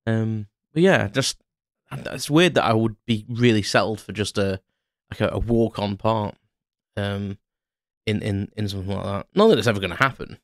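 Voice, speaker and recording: A man's voice: on the low side, normal speed, no echo, studio quality. A man hosting a podcast, rambling in a casual solo monologue with lots of fillers and self-mocking asides. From Ireland. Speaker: podcast host.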